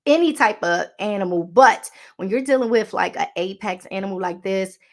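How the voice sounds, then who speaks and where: A woman's voice: medium pitch, moderate pace. A woman with a Baltimore accent hosting a podcast, chatting casually and reading a law aloud, sassy and calling listeners honey. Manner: chatty and sassy, calls listeners honey, stumbles over words. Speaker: podcast host.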